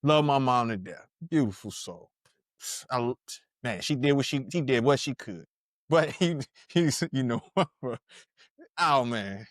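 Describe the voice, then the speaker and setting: A man's voice: medium pitch, lively intonation, slow pace, dry recording, clean studio sound. A man in his thirties, a podcast co-host, telling stories in casual chat with slang, laughter and frequent restarts.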